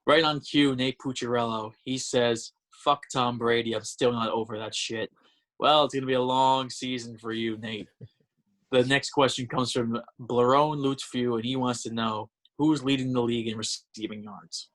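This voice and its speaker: A man's voice: mid-range voice, steady tone, moderate pace, fairly bright tone. A man hosting a casual sports podcast, making his picks with confident emphasis and reading out listener questions. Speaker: podcast host.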